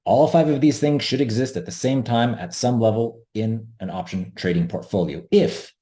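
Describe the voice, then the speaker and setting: A man's voice: mid-range voice, normal speed, warm tone. A man hosting an options trading webinar, talking earnestly and emphatically and repeating his key points. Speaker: webinar host, options trader. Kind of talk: presenting a webinar.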